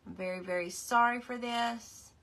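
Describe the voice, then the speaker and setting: A woman's voice: a little high, fairly even intonation, normal speed, a bit bright. A middle-aged woman hosting a casual live craft stream, chatty and apologetic, greeting her viewers by name. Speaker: craft livestream host.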